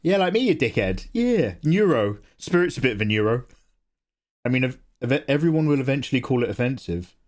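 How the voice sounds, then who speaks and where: A man's voice: mid-range voice, sing-song, a little fast, a little mellow. A young man hosting a live drawing stream, chatting casually, joking, swearing and answering chat as he draws. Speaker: livestream host, artist.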